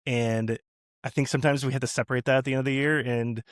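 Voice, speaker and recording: Talking quickly in a steady, medium-pitched voice, a new dad on a casual podcast rambles through a lengthy personal story, full of fillers, restarts and frequent laughter. The sound is dry and studio-clean.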